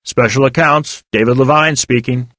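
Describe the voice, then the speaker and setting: A man voicing a businesslike male office employee who answers in a brisk, matter-of-fact way. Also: mid-range voice, sharp tone, dry recording, pitched above the performer's own voice, lightly acted. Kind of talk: audiobook character voice.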